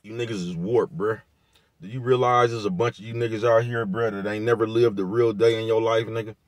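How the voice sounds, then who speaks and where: A man with a lowish voice speaks in in a loose, repetitive rant. He drops slang and profanity all the way through, recorded dry and close with no room sound. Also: fairly even intonation, brisk, dry recording. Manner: laid-back, repetitive, peppered with slang and profanity. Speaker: vlogger giving commentary. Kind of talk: casual rant to camera.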